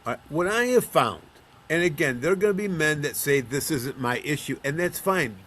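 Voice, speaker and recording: A middle-aged or older man from Buffalo, New York, speaking as a guest in an interview. He talks in a fairly high register and tells stories. He slips into the voices of parents and children as he describes them. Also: animated, moderate pace, fairly bright tone, a little hiss or hum. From Buffalo, New York, USA. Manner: storytelling, acts out quoted voices. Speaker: guest, counselor of men. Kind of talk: conversational interview.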